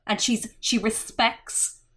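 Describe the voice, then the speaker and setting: A woman's voice: fairly high pitch, little pitch movement, slow, a bit bright, slightly rough. A woman with an Australian accent hosting a podcast, chatting casually and gushing with enthusiasm. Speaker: podcast host. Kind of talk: casual chat.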